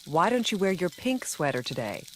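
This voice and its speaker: A woman's voice: fairly low pitch, big pitch swings, normal speed, fairly bright tone, a little hiss or hum. An actress playing a patient, practical mother in a scripted family dialogue. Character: calm, practical mother of two.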